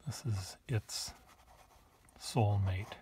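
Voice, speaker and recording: Speaking very slowly in a mellow, lowish voice, this man demonstrates nibs as a pen collector, chatting to the camera while writing at a desk. It's a relaxed show-and-tell full of musing asides, with slight background noise.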